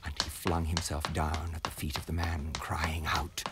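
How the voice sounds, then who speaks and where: A man narrating a ghost story as a storybook reading, slow and expressive. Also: rumbling low, slight background noise.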